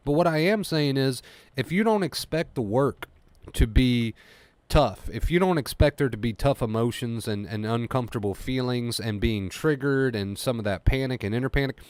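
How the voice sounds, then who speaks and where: Male coach, mid-pitched voice, dry close mic; emphatic, repetitive, voicing anxious thoughts in quotes. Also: no echo. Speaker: anxiety recovery coach. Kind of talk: solo motivational talk to camera.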